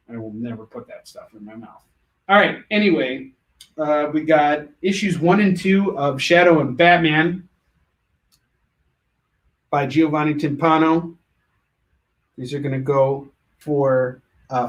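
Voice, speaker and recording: A man hosting a live comic book sales show, pitching books with joking, rambling asides. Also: measured pace, long pauses. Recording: echoey room.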